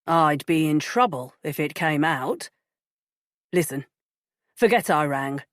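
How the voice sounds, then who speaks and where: A woman's voice: low voice, animated, takes it slowly, dry recording, clean studio sound. A woman reading an audiobook, voicing a secretive, insistent man who speaks sharply over the phone. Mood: urgent. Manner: sharp and clipped when irritated. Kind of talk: audiobook character voice.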